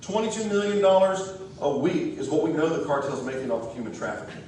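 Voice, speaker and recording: A man's voice: on the high side, animated, quick pace, a little mellow, a little hiss or hum. A man giving a folksy, joking, rousing campaign speech to a crowd in a church hall. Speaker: political candidate. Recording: echoey hall, distant mic.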